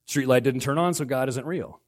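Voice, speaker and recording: A middle-aged man preaching a sermon as pastor, swinging between loud outbursts and hushed lines. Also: mid-range voice, a little fast.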